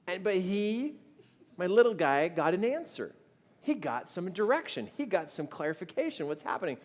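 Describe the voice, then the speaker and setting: A middle-aged man telling a funny personal story to an audience, animated and self-mocking. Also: high voice, moderate pace, long reverb tail.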